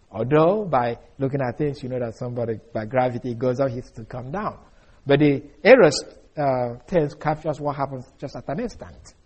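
A man giving a deliberate verse-by-verse Bible lesson, explaining carefully with frequent fillers and restarts. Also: mid-range voice, darkish tone, husky, dull audio. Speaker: Bible teacher.

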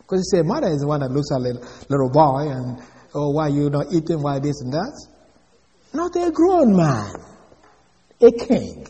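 Man preaching a sermon, pretty high voice, swoops up and down, big echoey hall. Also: mellow. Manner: emphatic, asks the audience questions.

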